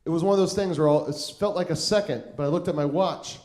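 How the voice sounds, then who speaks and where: A man's voice: a little high, fast, a little mellow, roomy sound. A man doing stand-up comedy, telling a long story in a rambling, self-mocking way full of "like" and restarts. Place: comedy club stage.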